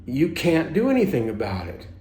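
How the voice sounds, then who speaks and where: A man voicing his ego as a soft teenager. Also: on the high side, wildly swooping pitch, roomy sound. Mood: probing. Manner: soft and slow.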